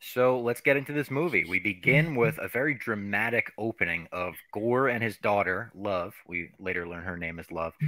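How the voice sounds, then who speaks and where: A man hosting a podcast, recapping a film in relaxed, chatty talk with some casual swearing. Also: lowish voice, no room sound. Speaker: podcast host. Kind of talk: casual chat and movie recap.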